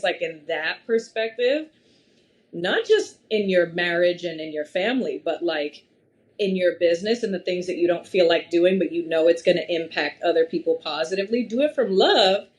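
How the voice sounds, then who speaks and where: A young adult woman chatting as a podcast guest, animated and laughing often as she talks. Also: fairly low pitch, normal speed. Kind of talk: casual conversation.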